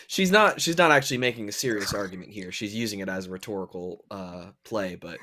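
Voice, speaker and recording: A man guest on a livestream, explaining a point in a soft-spoken way. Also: on the low side, lively intonation, fairly quick, a little hiss or hum. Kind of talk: casual livestream chat.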